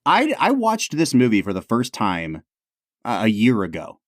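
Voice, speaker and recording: Excitable earnest male podcast co-host. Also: medium pitch, normal speed, no echo, studio quality. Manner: earnest, excitable, says "like" a lot. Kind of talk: casual chat.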